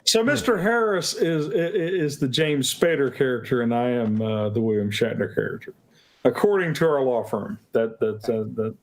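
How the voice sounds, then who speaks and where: Casual co-host, mid-pitched man, blunt with a teasing edge. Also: expressive, moderate pace. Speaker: lawyer and co-host. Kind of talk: casual chat.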